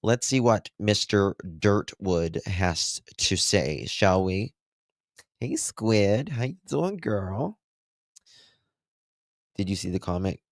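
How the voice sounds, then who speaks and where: Low, gravelly man hosting a livestream. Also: animated, slow pace, long pauses, dry recording, studio quality. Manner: emphatic, chatty, talks to the chat. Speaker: true crime livestream host. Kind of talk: casual livestream commentary.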